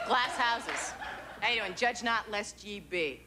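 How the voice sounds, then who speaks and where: A woman's voice: medium pitch, animated, slow pace. A woman in her twenties performing a stand-up set, with sardonic, self-deprecating asides and playful jabs. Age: 20s. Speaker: stand-up comedian. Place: comedy club stage with live audience. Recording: TV broadcast with crowd laughter and noise. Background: audience laughing.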